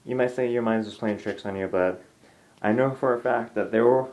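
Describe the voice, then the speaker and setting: A young man vlogging from his home, telling a ghost story in a loose, rambling way. He restarts his sentences often and acts out what people said to him. His voice sits at an ordinary middle pitch. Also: moderate pace, a little mellow. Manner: rambling, with many restarts and "I'm like" asides. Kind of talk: casual storytelling to camera.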